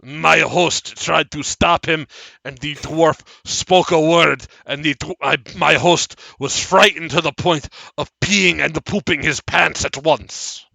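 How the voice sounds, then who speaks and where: Man doing a strange excitable dwarf, loud and clipped, tabletop voice, dry close sound. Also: on the high side, takes it slowly, vocal fry, no echo, voice pushed up, heavily acted. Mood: agitated. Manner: loud, formal clipped speech, emphatic. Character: strange excitable male dwarf, hollow host.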